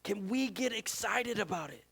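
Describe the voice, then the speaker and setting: A male pastor preaching with a high, bright, forceful voice. He talks with energy, fires off rhetorical questions and often stops and restarts mid-sentence. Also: expressive, normal speed, gravelly, husky. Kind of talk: sermon.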